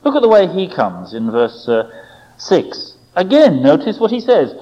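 A man preaching a sermon, his pitch sweeping widely between high and low as he acts out quoted voices and asks rhetorical questions. His voice sits a little higher than most men's. The recording is dull and lo-fi. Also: moderate pace. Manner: expressive, questioning asides, dramatic quoted voices.

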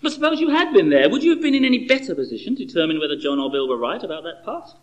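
A middle-aged man preaching with a lively voice that swoops up and down, set a little above the usual male pitch. He moves from storytelling into rhetorical questions, conversational and animated throughout the sermon. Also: racing, muffled recording.

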